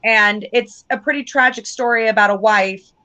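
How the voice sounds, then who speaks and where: A woman's voice: on the high side, moderate pace, bright, forceful tone, dull audio. Rambling woman guest on a livestream. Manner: rambling, loses her train of thought, says 'like' often. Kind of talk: casual livestream chat.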